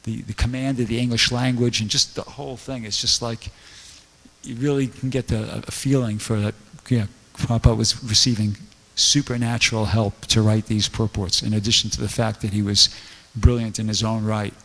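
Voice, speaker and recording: A man's voice: on the low side, flat delivery, normal speed, fairly bright tone, big-room sound. A man giving a casual scripture class, telling stories in a rambling way with many fillers. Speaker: temple lecturer. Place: temple hall.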